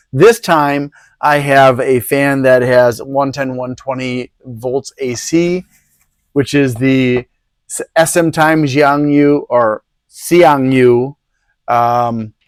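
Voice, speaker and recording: Here the PC hardware reviewer sounds medium-pitched, with no room sound in the clip. His product talk is casual and rambling, peppered with sarcasm.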